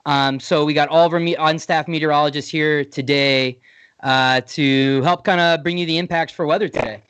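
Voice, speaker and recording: A man's voice: a little high, steady tone, normal speed, a bit bright, clear, resonant tone, no echo. A man co-hosting a casual podcast as a meteorologist over a video call, upbeat in manner. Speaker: co-host and meteorologist.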